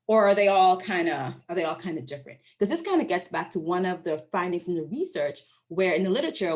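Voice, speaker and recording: With a mid-range voice, a woman university researcher gives an academic presentation online. She keeps it conversational, posing questions and frequently checking in with her audience, and voices her interviewees when she quotes them.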